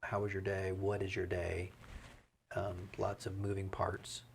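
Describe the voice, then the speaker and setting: A man's voice: deep voice, completely flat delivery, measured pace, creaky, slight background noise. A man with a Southern US accent, a mayor speaking as an interview guest in casual, rambling talk with many fillers. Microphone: studio microphone.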